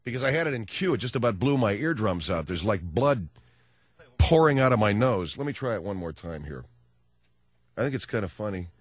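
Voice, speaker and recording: A man's voice: on the low side, very animated, brisk, husky, no echo. A man hosting a talk radio show, rambling and joking in casual chat. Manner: rambling, jokey.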